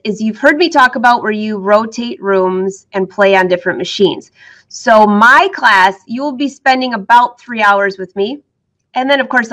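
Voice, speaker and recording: Middle-aged sewing lady chatting away to viewers, upbeat, bit of a high voice, laughs a lot, got the hiccups. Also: fairly bright tone. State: has the hiccups. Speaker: sewing teacher and vlogger. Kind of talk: casual chat to viewers.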